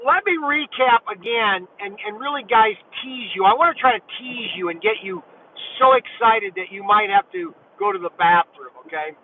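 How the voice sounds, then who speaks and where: Excitable host, high male voice, phone-like tinny audio, light hiss. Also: moderate pace. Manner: excitable storyteller, acts out dialogue. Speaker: livestream host. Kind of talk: casual livestream chat. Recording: tinny phone-like sound with faint noise.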